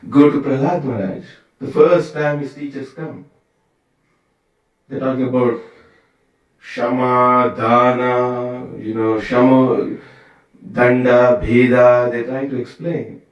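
A man's voice: mid-range voice, level tone, slow, muffled recording. A man giving a conversational scripture class at a temple, full of rhetorical questions and asides. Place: temple hall. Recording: very echoey room, from far off.

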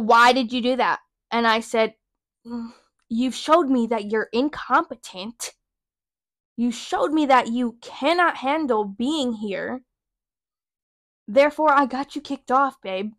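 A woman's voice: a little high, dry recording. Sassy young woman ranting, dry close mic. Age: young adult. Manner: animated, profane, sassy. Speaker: podcast host. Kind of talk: casual storytelling rant.

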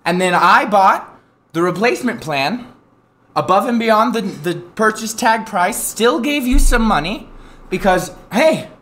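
Animated ranting streamer man, bright voice. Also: high voice, measured pace. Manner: animated, profane, prone to loud outbursts; incensed storytelling with self-mocking asides. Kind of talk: live-stream rant.

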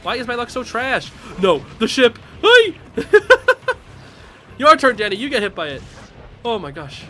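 A young man live-streaming a game, commenting casually and yelling and laughing at the action. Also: high voice, big pitch swings, a little fast, faint music behind. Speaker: streamer playing online matches.

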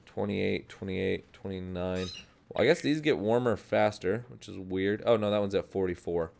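A man's voice: low-pitched, normal speed, creaky, a little mellow. A young man casually narrating his own gameplay as a video host, rambling upbeat and often correcting himself. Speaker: gaming channel host. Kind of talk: casual Minecraft let's play commentary.

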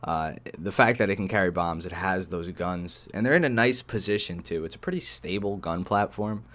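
A young man casually commentating his own tank gameplay, excitable and profane, often jumping into loud outbursts. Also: deep voice, normal speed. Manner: excitable, profane, bursts into shouts. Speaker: gaming channel host. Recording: faint game noise behind. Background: game artillery and battle noise.

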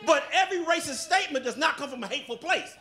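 A man performing a brash stand-up comedy set, loud and often shouting. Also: very high-pitched, expressive, rapid-fire, soft background music.

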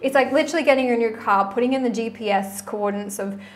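A woman coach talking casually to camera in a vlog, with a voice pitched a little higher than most. She speaks frankly and chattily and drops in mild swear words. Faint background ambience sits under her voice. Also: fast, a little hiss or hum. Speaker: relationship and manifestation coach.

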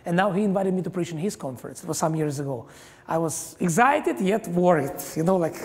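A man preaches in a large church hall, his gravelly voice trailing into a long reverb. He speaks with emphatic, halting phrasing and scatters hallelujahs through the sermon. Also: high-pitched, lively intonation. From Israel. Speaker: guest pastor.

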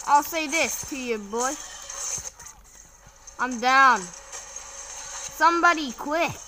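A child gamer narrating a match with a high, bright voice, excitable and full of repeated slang. The delivery is slow and drawn out even when the action heats up. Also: slight background noise, low-quality recording. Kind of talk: casual gameplay commentary.

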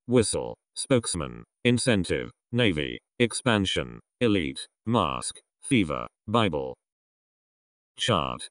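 A man reading a vocabulary list aloud, one word at a time in a slow, measured way. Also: low voice, no echo, clean studio sound. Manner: slow, measured reading of single words with pauses.

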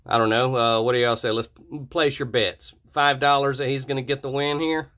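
A man's voice: mid-range voice, fairly even intonation, normal speed, fairly bright tone. A man hosting his own gaming channel, giving casual, jokey commentary over gameplay that rambles and corrects itself.

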